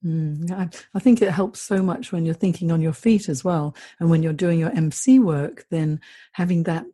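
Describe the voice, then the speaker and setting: An Australian woman hosting an interview as a career coach, speaking in a measured, affirming way. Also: fairly low pitch, warm tone, slightly rough. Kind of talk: interview host.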